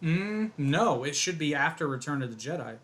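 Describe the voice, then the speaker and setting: Relaxed man with a fairly high voice. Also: normal speed. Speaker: podcast co-host. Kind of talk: casual podcast chat.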